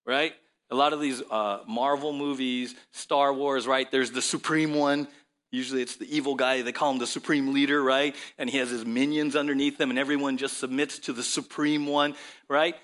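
A male pastor preaching a sermon with animated storytelling and frequent rhetorical questions to his listeners. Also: medium pitch, normal speed.

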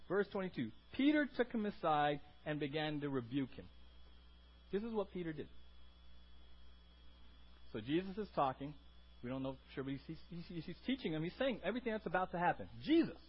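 A man preaching a sermon, animated and acting out scenes, with frequent restarts. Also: fairly high pitch, fairly quick, slightly rough, dull audio. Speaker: pastor.

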